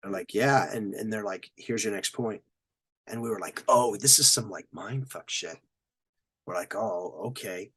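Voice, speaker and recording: A man's voice: lowish voice, measured pace, a bit bright, breathy edge. A middle-aged man, a military veteran, telling stories as a podcast guest, acting out quotes and sound effects and swearing freely. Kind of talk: storytelling in a podcast interview.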